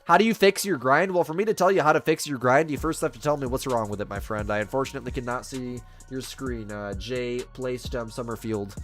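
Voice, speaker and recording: A man's voice: mid-range voice, fairly quick, hardly any pauses, faint music behind. A man hosting a live game stream, casually chatting with viewers and reading their messages in a chummy, laid-back way. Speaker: livestream host.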